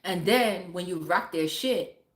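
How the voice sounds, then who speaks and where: A woman's voice: on the low side, a little slow. A mother from a Caribbean family chatting casually on a livestream, blunt and profane and laughing often. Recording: roomy echo.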